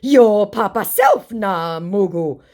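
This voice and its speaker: A woman voicing a boastful young male online scammer, who taunts in slow, drawling broken pidgin. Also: medium pitch, animated, darkish tone, pitched above the performer's own voice. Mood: taunting.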